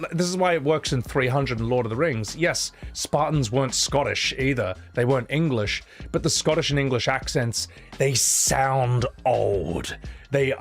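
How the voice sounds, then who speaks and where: A man chatting casually on a live stream, blunt and opinionated, swearing freely and rambling through his points with restarts. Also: mid-range voice.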